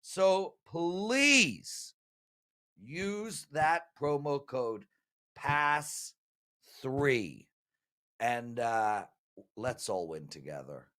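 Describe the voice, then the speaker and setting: A man, a sports handicapper, pitching his picks in a casual chat, animated and pleading, swinging from loud bursts to low mutters. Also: very slow.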